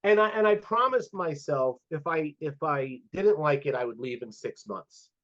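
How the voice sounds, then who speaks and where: This guest is a sport psychologist in his fifties with a voice on the high side, speaking at normal speed. He tells stories in a laid-back interview, playing out the quoted dialogue with lively energy, captured on dull lo-fi audio.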